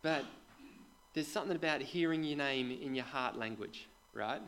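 A man preaching a sermon to a congregation in a conversational way, putting questions to the listeners and dropping into quiet asides. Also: medium pitch, moderate pace, slight background noise, poor audio. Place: church with a congregation.

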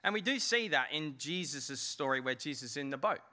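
A man's voice: a little high, expressive, brisk, bright, forceful tone, a little hiss or hum. A man preaching a sermon in a conversational way, asking rhetorical questions of his listeners. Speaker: pastor.

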